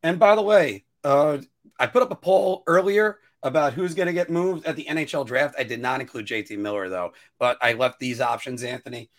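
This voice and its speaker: A man co-hosting a casual podcast chat, rambling and restarting his sentences, now and then jumping up into a high-pitched whine. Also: brisk. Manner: rambling, self-interrupting, animated with sudden high-pitched whining bursts. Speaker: podcast co-host.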